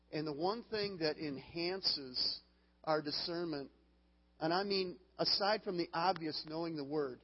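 A man's voice: on the high side, husky. A man preaching a sermon as pastor, earnest and given to laughing at his own stories and restarting phrases. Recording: long hall reverb, dull lo-fi sound.

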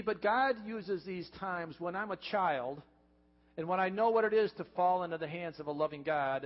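Earnest preaching man in a reverberant hall. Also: on the high side. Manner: earnest, heartfelt preaching with repeated phrases. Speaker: pastor. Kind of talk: sermon. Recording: dull reverberant church recording.

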